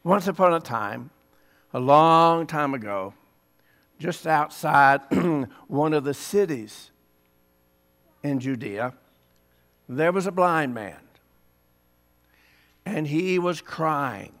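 A male pastor leading liturgy and talking with children, slow, deliberate and gentle. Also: fairly high pitch, animated. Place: church sanctuary.

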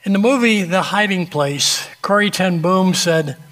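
A preacher with a high-pitched, somewhat bright voice relates a story to illustrate his sermon, addressing listeners directly and conversationally while pausing for dramatic effect.

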